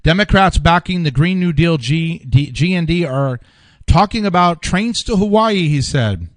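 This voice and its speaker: A man talks through a political news article in a loose, off-the-cuff way, restarting sentences and repeating himself as he goes. His voice sits somewhat high for a man. The sound is close and dry, with no room reverb. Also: lively intonation, moderate pace. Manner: rambling, restarts often, repeats words. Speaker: political commentary host. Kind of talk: casual news commentary.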